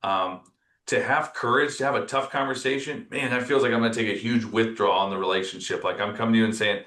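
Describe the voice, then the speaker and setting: A company executive appears as a guest on a casual podcast interview, speaking reflectively and telling stories, getting animated whenever he voices what others said. His voice is lowish and fast, and the recording is reverberant.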